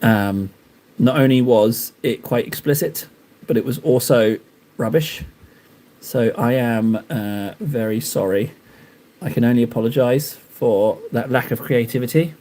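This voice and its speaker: A man's voice: medium pitch, measured pace, dark tone. A man chatting casually on a live stream while painting miniatures, rambling and joking at his own expense. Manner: rambling, joking, self-mocking.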